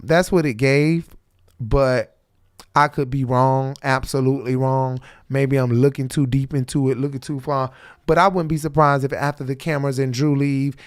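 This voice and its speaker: A man's voice: medium pitch, no room sound, clean studio sound. A man hosting a reaction show, giving blunt, profane, heated commentary. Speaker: host.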